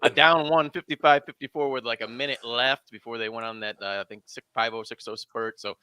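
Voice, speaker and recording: A man's voice: medium pitch, steady tone, brisk, bright, forceful tone. A man breaking down college basketball bets, amped up and rattling off lists of games. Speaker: college basketball betting analyst. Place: Las Vegas, remote.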